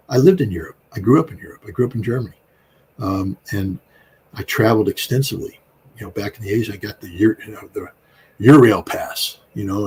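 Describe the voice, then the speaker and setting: A middle-aged American man talks through political commentary in a rambling, emphatic way, full of fillers and restarts. His voice sits a little low, and faint noise hums behind him. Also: darkish tone. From United States. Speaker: guest commentator.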